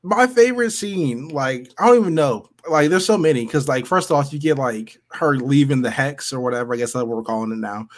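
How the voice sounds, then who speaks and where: A man co-hosting a casual podcast chat, animated, joking and swearing freely. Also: medium pitch, fairly quick, hardly any pauses. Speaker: podcast co-host.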